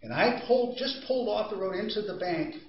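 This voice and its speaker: A man's voice: high-pitched, animated, a little fast, slight background noise. A man giving an anger-management training talk to a group, explaining ideas in a conversational way and telling stories with asides to the audience. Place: training room. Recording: distant echoey room mic, slightly dull.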